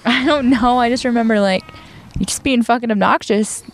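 A woman's voice: a little high, fairly quick, a little hiss or hum. A woman from northern New York telling casual work stories, laughing often and acting out what coworkers said. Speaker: guest. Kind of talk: casual chat, storytelling.

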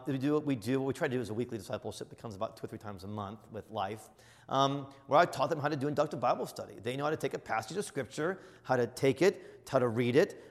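A middle-aged man, a bishop, teaching in an earnest, emphatic sermon style that surges to loud exclamations. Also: medium pitch. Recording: long reverb of a large hall.

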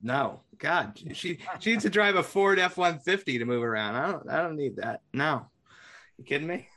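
A man's voice: on the high side, animated, normal speed, sharp tone. A man co-hosting a podcast in casual political chat, wry and joking. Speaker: podcast co-host.

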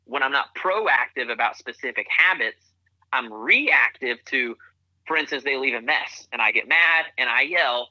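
Bright-toned man on a muffled line. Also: medium pitch, expressive, normal speed, no room sound. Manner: earnest, coaching tone with repeated phrases. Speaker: author and guest. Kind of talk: podcast interview.

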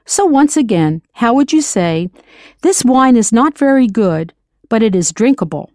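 Woman, language teacher, scripted lesson, patient, spells out words, animated pitch, dry sound. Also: measured pace, no room sound.

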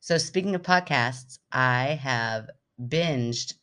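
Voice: medium pitch, slow, fairly bright tone, clean tone. A podcast co-host in casual chat, enthusiastic and laughing often, acting out quotes.

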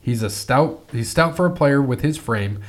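A man's voice: medium pitch, animated, normal speed. A man co-hosting a podcast, reading scouting notes in an easygoing, teasing manner. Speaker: podcast co-host. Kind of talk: casual sports chat, reading scouting notes.

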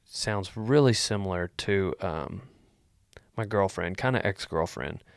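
A man hosting a vlog, answering viewer questions in a rambling, deadpan joking chat. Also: low voice, measured pace, vocal fry, no echo, studio quality. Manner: joking, deadpan, wandering asides.

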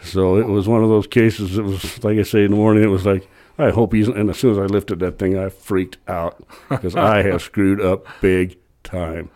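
A middle-aged man appears as a podcast guest, spinning a long, meandering story in a relaxed, lively way and often starting over. His voice is low-pitched and his pace is moderate.

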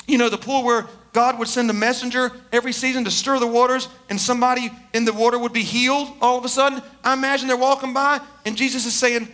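A man preaching a sermon, telling stories in an animated, emphatic way. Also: extremely high pitch, quick pace, hardly any pauses.

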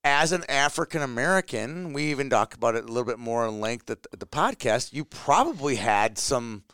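A man hosting a relaxed interview, asking casual leading questions. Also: mid-range voice, brisk, smooth, no echo, clean studio sound. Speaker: host. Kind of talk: conversational interview.

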